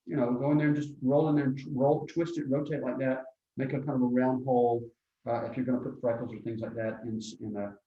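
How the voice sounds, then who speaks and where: A man teaching a hands-on art lesson in a warm, mellow voice, talking through each step as he goes. He keeps checking in with his viewers with a quick "okay?". The sound is dull and lo-fi, with a roomy echo around him. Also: medium pitch. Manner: thinks aloud, often checks in with "okay?". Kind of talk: live demonstration lesson.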